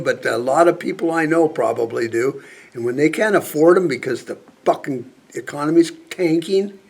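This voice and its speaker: A man's voice: a little high, creaky, slightly rough. A man vlogging a profane political rant, angry and sarcastic, swearing constantly. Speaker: prepper vlogger.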